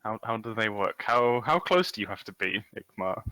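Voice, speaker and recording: A man's voice: lowish voice, expressive, moderate pace, bright, forceful tone, no room sound, low-quality recording. A man playing a tabletop game, speaking casually with hesitant restarts. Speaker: player.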